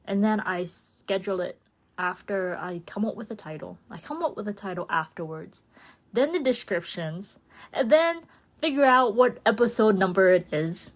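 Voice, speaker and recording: A woman's voice: medium pitch, lively intonation, moderate pace. A woman hosting her own podcast in a casual, rambling solo chat, laughing often and slipping into playful voices for her own thoughts. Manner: chatty and rambling, with frequent laughs and playful inner-voice asides. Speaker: podcast host.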